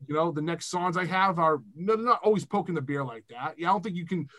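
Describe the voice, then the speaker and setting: A man's voice: a little high, fairly quick. A young man from Massachusetts, a music producer guest, talking casually and profanely in a podcast chat. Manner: animated, profane, rambling.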